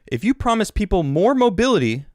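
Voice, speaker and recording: A man's voice: sits high, very animated, a little fast, no room sound, clean studio sound. A man hosting a podcast, giving casual, sarcastic commentary on news clips and reading quotes aloud to mock them. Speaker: podcast host.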